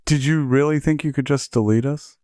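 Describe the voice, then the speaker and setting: A man doing a husky, mocking inner voice. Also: mid-range voice, brisk, a little mellow, no echo, clean studio sound, pitched above the performer's own voice, close to an everyday voice. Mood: taunting. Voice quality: husky, rough.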